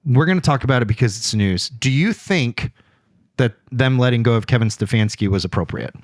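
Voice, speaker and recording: Ohio guy in his 40s hosting a podcast, lively storyteller, dry close mic. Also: mid-range voice, brisk, dry recording. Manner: animated storyteller, laughs often. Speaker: podcast host. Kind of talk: casual chat. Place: podcast studio.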